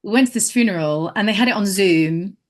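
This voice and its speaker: Animated woman telling stories. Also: mid-range voice, fairly quick. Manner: animated storyteller, acts out quotes, laughs often. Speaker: guest, actress and comedian. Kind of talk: casual anecdote telling.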